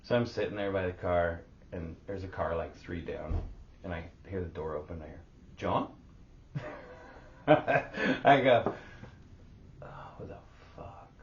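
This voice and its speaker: A man's voice: deep voice, measured pace, pauses often, slight background noise. A middle-aged man co-hosting a podcast, telling a story in casual chat, swearing often and acting out sounds. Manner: animated, swears a lot, acts out sounds. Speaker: podcast co-host. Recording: roomy, dull lo-fi sound.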